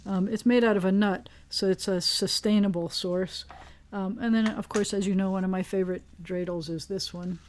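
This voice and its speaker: A woman's voice: mid-range voice, steady tone, moderate pace, slight background noise. Woman rabbi teaching a hebrew class on a video call, chatty, wanders off topic, lots of ums. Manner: chatty, digressive, with frequent fillers. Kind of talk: casual online class teaching.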